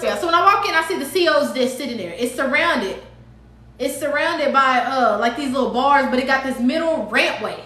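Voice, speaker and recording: A woman telling a dramatic story to her live viewers in a casual, animated way, acting out what people said. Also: high-pitched, echoey room. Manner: animated, dramatic retelling with acted-out quotes. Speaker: live-stream host.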